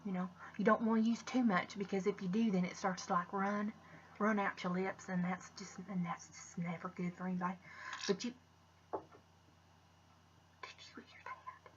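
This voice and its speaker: A woman's voice: mid-range voice, steady tone, fairly quick, a little hiss or hum. A woman chatting through a casual makeup tutorial, rambling, restarting with "but anyways" and muttering asides to herself. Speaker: makeup vlogger. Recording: dull lo-fi recording.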